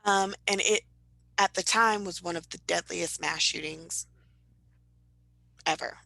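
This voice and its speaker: A young woman co-hosting a podcast in casual chat, telling stories with animated bursts of high-pitched impressions. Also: a little slow, gravelly, no echo, low-quality recording. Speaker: podcast co-host.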